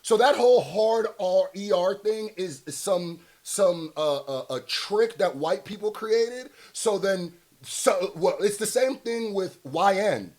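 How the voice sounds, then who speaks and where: A man's voice: sits high, lively intonation, slow, few pauses, a little mellow. A man hosting casual reaction commentary, talking bluntly with slang and rhetorical questions and laughing often. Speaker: commentary host.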